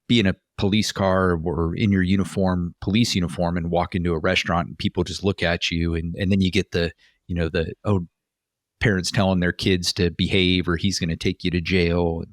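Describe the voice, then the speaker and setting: A man's voice: deep voice, flat delivery, moderate pace, dry recording, clean studio sound. A man co-hosting a podcast, a former police officer telling stories in a chatty way with many fillers and restarts. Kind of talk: casual podcast chat.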